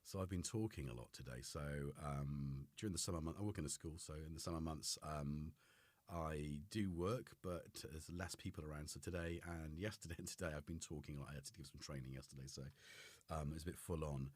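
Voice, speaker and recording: A man with a rumbling low voice speaks briskly while hosting a casual livestream from a home studio. Rambling and self-deprecating, he greets his chat by name. There is no room sound.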